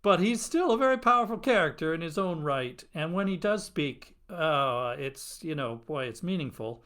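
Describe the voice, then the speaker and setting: A man hosts a podcast discussion with an engaged, enthusiastic manner. His voice sits a touch higher than most men's. He asks his questions with clear interest. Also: expressive, normal speed, a bit bright. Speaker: podcast host.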